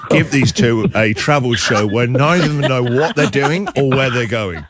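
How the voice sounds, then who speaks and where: A man's voice: mid-range voice, animated, normal speed, heavy background noise. A man hosting a radio show, teasing his co-host in playful banter with sing-song asides.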